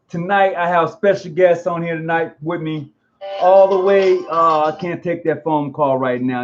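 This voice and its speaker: A man hosting a casual live online interview, talking in an animated, slangy way and often repeating himself. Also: fairly high pitch. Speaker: host. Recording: dull lo-fi audio.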